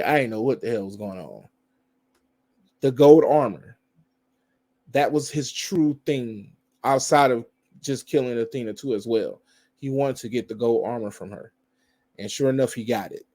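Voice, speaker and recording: Chatty guy reviewing a film, rambling and loose, mid-pitched voice. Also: darkish tone. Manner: rambling, conversational, frequent laughs and fillers. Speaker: movie reviewer. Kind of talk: casual spoiler review.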